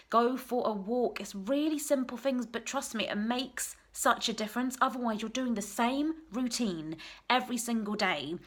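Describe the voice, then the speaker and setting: A woman talking straight to camera at home in an unscripted, heartfelt vlog, earnest and encouraging. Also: a little high. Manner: emotional, tearful at times, earnest and encouraging. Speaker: vlogger, single mum business coach. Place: at home, messy room.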